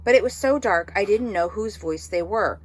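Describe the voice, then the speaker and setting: A woman reading an audiobook novel aloud in steady storytelling narration. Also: mid-range voice, normal speed, slight background noise. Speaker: audiobook reader.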